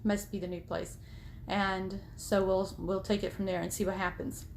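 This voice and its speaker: A woman in her thirties or forties, a sewing vlogger, films a chatty, rambling, self-deprecating tour of her small home sewing room on a phone held at arm's length. Her medium-pitched voice is level, creaky and at normal speed, with a little hiss or hum.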